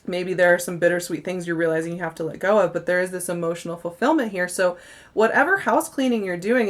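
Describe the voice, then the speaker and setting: A young woman talks through a monthly tarot reading in a chatty, effusive way, full of little laughs and fillers. She sounds a bit tired. Her voice sits somewhat low. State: yawning, tired. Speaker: tarot reader.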